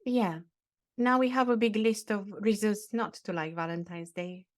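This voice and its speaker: A woman co-hosts a relaxed podcast with a middling pitch. She keeps her replies short and playful and turns questions back to her partner. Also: moderate pace. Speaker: podcast co-host. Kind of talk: casual podcast chat.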